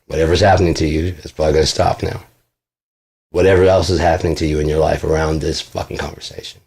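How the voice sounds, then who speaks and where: A man's voice: a bass voice, little pitch movement, fast, vocal fry, a little mellow, breathy edge. A man telling a blunt, profane story in a casual vlog monologue, boasting as he goes. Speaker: vlogger.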